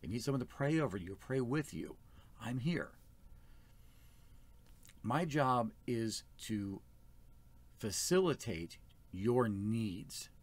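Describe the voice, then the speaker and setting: A man's voice: medium pitch, animated, slow pace, long pauses. A man speaking as first elder of a small church, giving an earnest, plain-spoken sermon.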